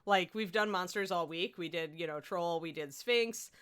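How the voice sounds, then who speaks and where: A woman's voice: fairly low pitch, normal speed, fairly bright tone, smooth. A young woman hosting a casual livestream, chatty and laughing, a little sleepy after a broken night. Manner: chatty, laughing, talks to her dog between remarks. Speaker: host. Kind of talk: casual livestream chat while painting miniatures.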